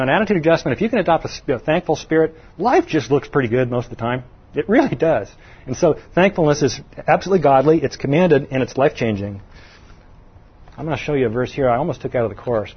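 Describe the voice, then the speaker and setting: In a conversational, folksy sermon, a middle-aged male preacher asks his listeners questions and lifts his voice for emphasis. His pitch is medium with some breathiness, and the recording is muffled.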